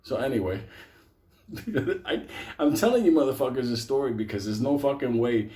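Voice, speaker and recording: A man spins a rambling comic tale for a live audience. He swears constantly and laughs between lines. His voice has a dark, mellow tone at an ordinary middle pitch for a man. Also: animated, moderate pace. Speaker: storyteller. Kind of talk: live comedic storytelling to an audience.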